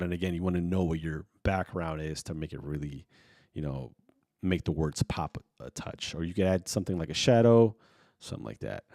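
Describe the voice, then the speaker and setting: A man giving a casual software tutorial, thinking aloud and filling pauses with ums and you knows. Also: deep voice, dry recording, studio quality. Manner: relaxed, thinking aloud with many fillers. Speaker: video editing tutor. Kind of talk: casual screen-recorded tutorial.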